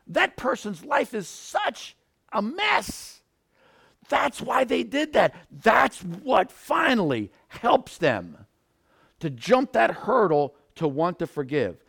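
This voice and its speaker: A male pastor preaching a sermon, animated, acting out little scenes and bursting into shouts. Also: extremely high pitch, gravelly. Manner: animated, acts out scenarios, sudden shouts.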